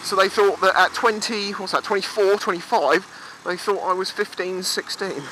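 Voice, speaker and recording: A man's voice: high voice, steady tone, normal speed, pushed and bright, low-quality recording. A young Englishman in his twenties telling stories for his vlog while riding a motorbike by the sea, chatty and swearing freely. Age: 20s. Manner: chatty, swears freely, acts out quoted voices. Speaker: vlogger. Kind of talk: casual storytelling vlog. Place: outdoors on a motorbike by the seafront. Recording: faint road and engine noise.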